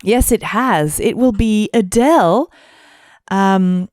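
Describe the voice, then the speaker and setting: Woman co-host, smooth and dry close sound, casual musing chat. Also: medium pitch, slow pace, a little mellow, no echo. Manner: musing, searching for words. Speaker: podcast co-host.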